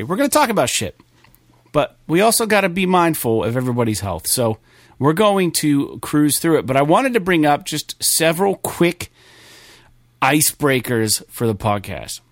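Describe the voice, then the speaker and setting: A young man hosting a gaming podcast, his voice sitting a bit high for a man. He talks casually and tells stories with lots of swearing and "like" fillers. The recording is close and dry. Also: dry recording. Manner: animated storytelling, heavy swearing and filler "like". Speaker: podcast host.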